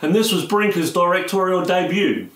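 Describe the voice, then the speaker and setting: A man's voice: high-pitched, normal speed, fairly bright tone, distant mic. A man co-hosting a film review show, reading facts in a matter-of-fact way. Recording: echoey room with noise.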